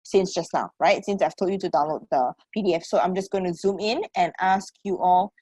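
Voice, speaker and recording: Her voice is low-leaning, a little fast, slightly mellow and husky. With a Singaporean accent, she runs an online English lesson through a computer mic in dry, close sound with no room echo, calling students sweetheart and checking in constantly with "okay" and "right?".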